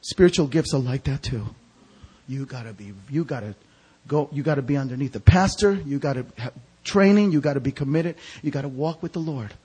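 A man preaching a storytelling sermon as an evangelist, animated and acting out the voices of people in his stories. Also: mid-range voice, fairly quick, slightly rough. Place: church sanctuary.

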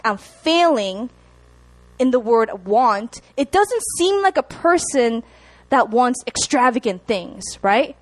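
A young woman preaching a sermon to a congregation, chatty and animated, often checking in with the room. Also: high voice. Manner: animated, chatty, laughs at herself, asks the room to respond.

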